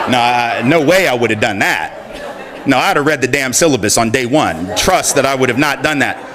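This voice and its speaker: A middle-aged man giving a talk, telling a personal story in an animated way and laughing as he goes. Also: mid-range voice, normal speed. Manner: animated, laughing through anecdotes. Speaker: speaker.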